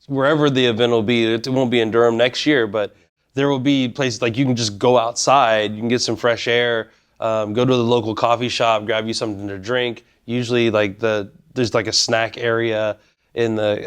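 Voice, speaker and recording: A man interviewing a guest in relaxed, casual conversation, with lots of "like" and "you know.". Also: mid-range voice, normal speed, smooth. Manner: relaxed, filler-heavy, rambling talk.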